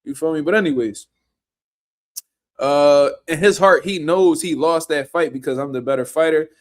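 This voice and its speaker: Profane, ranting man, slightly high voice. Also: normal speed. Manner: blunt, profane, slangy, animated ranting. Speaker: boxing commentary show host. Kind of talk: casual reaction commentary.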